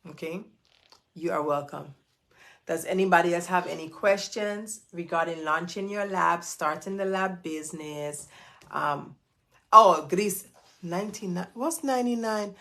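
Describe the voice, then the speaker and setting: A woman's voice: on the low side, measured pace, fairly bright tone. A middle-aged woman, hosting a live stream question-and-answer session in a chatty, direct way, calling her viewers y'all. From Florida. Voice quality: creaky.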